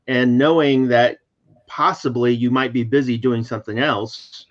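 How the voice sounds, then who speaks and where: Host guy recapping points like a teacher, kinda muffled lo-fi sound, mid pitch. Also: fairly even intonation, normal speed. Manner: summarizing, teacherly, joking. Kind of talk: casual conversational chat. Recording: slightly dull lo-fi audio.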